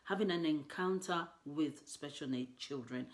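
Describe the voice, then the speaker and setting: Mum vlogging; a slightly low voice, earnest and emotional, lots of "you know". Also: female voice, unhurried. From Nigeria. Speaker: mother. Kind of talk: personal storytelling vlog.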